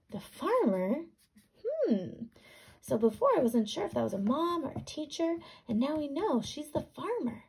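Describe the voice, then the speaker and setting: A woman teacher reading a picture book aloud to young students, animated, asking questions and sounding words out. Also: high-pitched, moderate pace, creaky.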